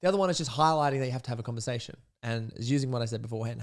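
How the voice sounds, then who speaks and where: Brief: young man, podcast coach, quick and blunt, swears freely, mid-pitched. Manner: blunt and profane, jokes, acts out sample dialogue. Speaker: podcast host, men's coach. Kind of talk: casual coaching monologue.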